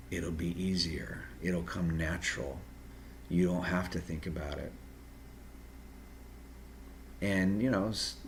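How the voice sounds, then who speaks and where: Low-voiced male host, unscripted and direct, earnest advice with halting restarts; slight background noise. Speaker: video host giving personality-type advice.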